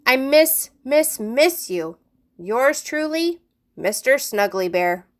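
A woman's voice: high voice, animated, slow pace, voice pushed up. A woman voicing a smug male middle-school teacher who mocks a student in a theatrical, teasing way. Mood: mocking.

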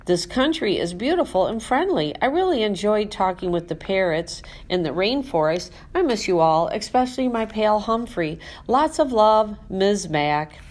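A woman voicing a schoolteacher reading a postcard aloud to her class, in a measured, lowered voice. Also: animated, darkish tone, lightly acted. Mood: fond.

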